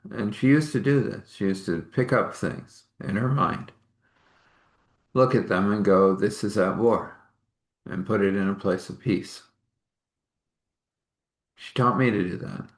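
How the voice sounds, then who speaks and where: Chatty man with a low voice. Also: unhurried, long pauses. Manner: rambling and chatty, with laughs and apologies for yawning. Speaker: spiritual healer and host. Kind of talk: live meditation talk and storytelling.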